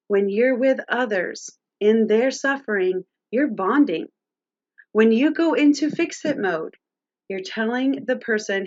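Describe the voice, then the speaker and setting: A woman's voice: fairly high pitch, highs cut off. A woman presenting a live-streamed teaching talk on parenting, speaking directly to viewers and their chat.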